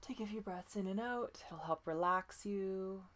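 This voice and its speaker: A woman voice coach leading breathing and pitch exercises, patient and encouraging, often demonstrating breathy sighs. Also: unhurried, fairly bright tone. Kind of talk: guided voice exercise lesson.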